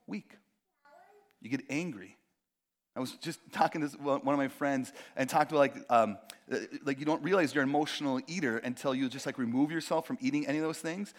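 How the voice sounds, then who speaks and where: A man preaching a sermon in a conversational, animated way, acting out quoted voices and making jokey asides. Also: medium pitch. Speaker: pastor.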